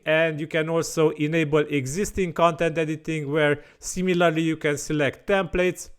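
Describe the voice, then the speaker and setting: Man walking through a software tutorial. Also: on the high side, clean tone. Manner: plain explaining with frequent fillers and restarts. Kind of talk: screen-recorded software tutorial.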